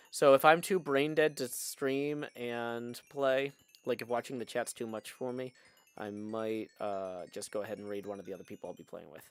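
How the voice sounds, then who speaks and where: A man hosting a live game stream, chatting casually and reading viewer messages aloud. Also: medium pitch.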